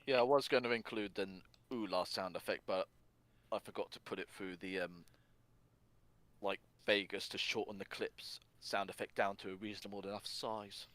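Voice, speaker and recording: A man's voice: fairly low pitch, steady tone, normal speed, a bit bright, no echo. A man co-hosting a casual podcast chat, rambling with fillers and laughing often. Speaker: podcast co-host.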